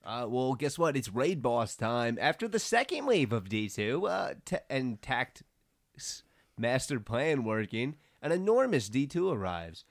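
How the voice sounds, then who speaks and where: A young man co-hosting a casual anime recap podcast, animated and slangy, often laughing. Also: medium pitch, measured pace, no echo, clean studio sound. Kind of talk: casual chat.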